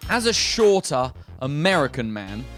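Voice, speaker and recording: A man's voice: mid-range voice, big pitch swings, a little slow, over music. A man, a cruise director, telling jokes and teasing his co-host in playful onstage banter.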